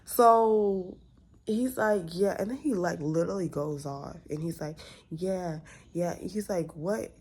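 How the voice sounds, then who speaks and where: A woman's voice: fairly low pitch, unhurried. A young woman in her twenties, venting candidly in a casual storytime vlog and acting out both sides of an argument. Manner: candid, venting, quotes others in lively asides. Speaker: vlogger.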